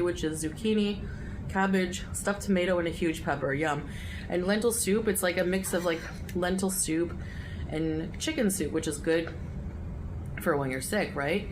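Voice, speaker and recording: A woman in an eating vlog who is sick and coughing, talking slowly and casually about her food. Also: on the low side. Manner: slow, casual, describes the food. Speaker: mukbang vlogger. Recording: played back with noisy room sound.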